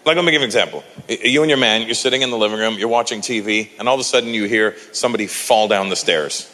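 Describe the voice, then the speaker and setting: A man performing a stand-up comedy routine, talking in an animated way and bursting into loud character bits. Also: on the low side, rapid-fire. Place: large live comedy venue. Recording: live venue with long reverb and faint crowd ambience.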